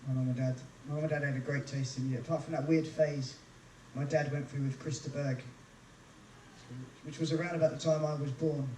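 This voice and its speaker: A cruise ship entertainer on a live stage, bantering and teasing the crowd with self-mocking jokes. His high voice carries through an echoey room, picked up from some way off the mic with the band close by. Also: flat delivery, brisk, a little mellow, recorded from a distance, slight background noise. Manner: chatty, self-mocking jokes between songs.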